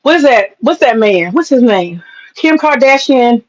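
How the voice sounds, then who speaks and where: Woman, vlogger, high voice, heated rant, profane, emphatic repetition. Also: expressive, measured pace, muffled recording. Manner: talks straight to viewers, says she is getting upset. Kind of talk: heated opinion rant to camera.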